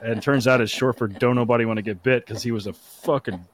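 A man's voice: mid-range voice, steady tone, fast talker. A man co-hosting a podcast, telling stories with jokes and swearing. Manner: joking, profane storyteller. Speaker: podcast co-host. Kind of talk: casual podcast chat.

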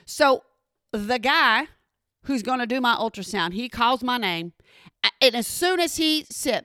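Middle-aged woman talking right at her followers, high bright voice, super dramatic. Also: moderate pace, no echo, studio quality. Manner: animated, dramatic, talks straight to the audience. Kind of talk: casual storytelling to followers.

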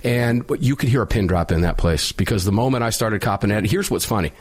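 A middle-aged man hosting a talk radio show, telling a story loudly and emphatically with a sinus infection. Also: on the low side, quick pace, breathy edge.

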